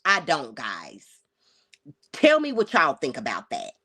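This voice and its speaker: Female livestream host, casual reaction commentary, animated swooping delivery, talks right to chat. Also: low voice, a little slow. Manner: chatty and exclamatory, addresses viewers directly.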